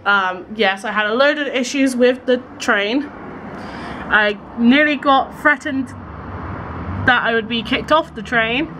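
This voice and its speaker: A woman's voice: fairly high pitch, slow pace, bright, forceful tone, slight background noise. A young woman from England chatting casually to camera in a travel vlog, giggly and swearing freely, filmed on a handheld camera. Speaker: vlogger. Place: train stations and a hotel room.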